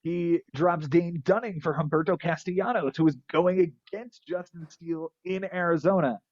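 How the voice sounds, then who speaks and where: A man's voice: fairly high pitch, normal speed, a little mellow, dry recording, dull audio. Wisecracking man reading off stat lines. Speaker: podcast host. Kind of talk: casual fantasy baseball recap.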